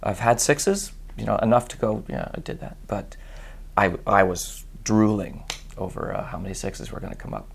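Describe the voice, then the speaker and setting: A hoarse man telling a lively anecdote in casual chat, acting out the other voices and laughing often. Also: fairly low pitch, normal speed, slight background noise. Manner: animated storyteller who acts out voices and laughs often. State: hoarse voice after a long week. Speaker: guest on a radio chat show.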